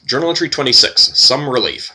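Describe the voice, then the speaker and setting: A man's voice: medium pitch, fairly quick, sharp tone. A man hosting a let's play, reading the game's text aloud and adding wry, playful asides. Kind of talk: game narration and commentary.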